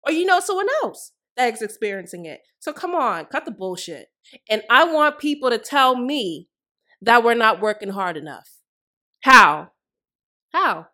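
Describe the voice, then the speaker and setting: A woman's voice: a little high, sing-song, moderate pace, sharp tone. A woman hosting a solo podcast, delivering fiery, profane commentary full of rhetorical questions. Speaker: podcast host.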